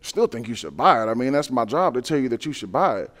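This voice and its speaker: A man voicing an insincere, rehearsed car salesman with low, offhand delivery. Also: very animated, fast, fairly bright tone, big-room sound.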